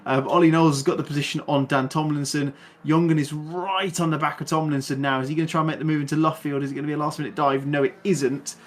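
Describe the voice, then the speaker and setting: A man commentating live on a sim race with a fairly high voice. His calls are rapid and excitable, and he chats and laughs between the action over a faint background hiss. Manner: excitable, chatty, laughs often, rapid play-by-play.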